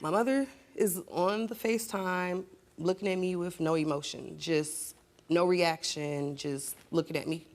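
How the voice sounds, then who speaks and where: Young woman, talk show guest, lowish voice, upset, urgent, heated, studio stage. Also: steady tone, measured pace. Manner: urgent and upset, voice rising into sharp confrontation. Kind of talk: emotional personal account, then heated argument.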